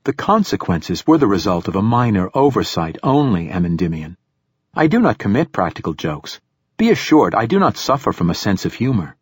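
A man's voice: lowish voice, sing-song, fairly quick, husky, no echo, studio quality. A man voicing a starship's computer that speaks formally and literally, insisting it has no sense of humor, in an audiobook. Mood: formal, earnest. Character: polite ship's computer, literal-minded and humorless.

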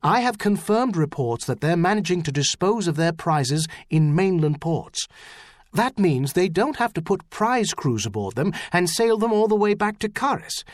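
A man's voice: high voice, sing-song, moderate pace, no room sound, studio quality, pitched above the performer's own voice. A man reading an audiobook, voicing an anxious, angry official who insists on a worry. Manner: worried, insistent. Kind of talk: audiobook character voice.

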